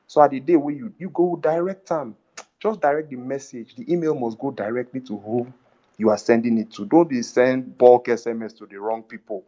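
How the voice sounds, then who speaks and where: A man's voice: medium pitch, dark tone, highs cut off. A man with a Nigerian accent, speaking on a live audio chat, earnestly urging listeners and dropping in Pidgin phrases. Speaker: caller.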